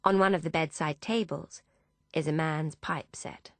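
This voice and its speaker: Low-voiced woman narrating an audiobook. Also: fairly even intonation, measured pace, dry recording. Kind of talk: first-person audiobook narration.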